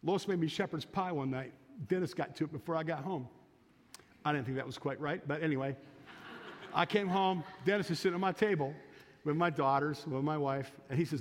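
A man's voice: fairly high pitch, brisk. Folksy preaching man in reverberant church. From United States. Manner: folksy storytelling, rising to emphatic preaching. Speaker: pastor. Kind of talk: sermon. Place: church sanctuary.

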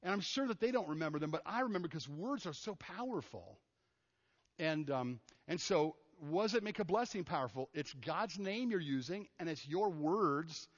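A man's voice: a little high, moderate pace. Casual preaching man in echoey hall. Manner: casual, animated, acts out quoted people. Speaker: pastor. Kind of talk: conversational sermon. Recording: muffled sound in a reverberant hall.

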